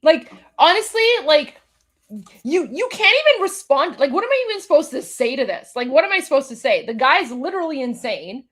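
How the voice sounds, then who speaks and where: A woman's voice: high voice, sing-song, brisk, a bit bright. A woman hosting a live commentary show, reacting to a clip with incredulous, exasperated asides. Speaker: host.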